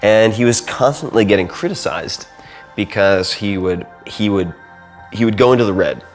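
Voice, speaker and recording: A man talking casually as an interview guest, telling animated stories and acting out other people's voices. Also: on the low side, normal speed, faint music behind.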